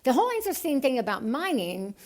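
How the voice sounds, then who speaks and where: A woman from the United States appears as a podcast guest in an interview, speaking with a lisp and an unusual voice altered by tongue surgery. Her high voice moves at a quick pace, and she's earnest and animated, getting excited as she talks.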